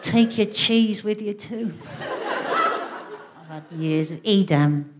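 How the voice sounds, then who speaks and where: A woman's voice: mid-range voice, slow pace, a loud crowd, very noisy. A woman performing live stand-up, telling stories in a dry, wry way with lots of rhetorical asides. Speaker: stand-up comedian and co-host. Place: live venue.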